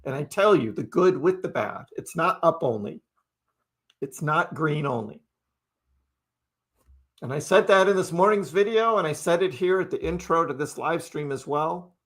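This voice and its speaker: A man's voice: fairly high pitch, animated, moderate pace, fairly bright tone. A man hosting a casual crypto live stream, chatting loosely, laughing often and answering viewers by name. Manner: chatty and laid-back, laughs often, talks to chat by name.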